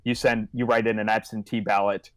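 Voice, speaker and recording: A man's voice: on the low side, flat delivery, fairly quick, dry recording. A man co-hosting a podcast, explaining things in a laid-back, casual way. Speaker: podcast co-host. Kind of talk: casual chat.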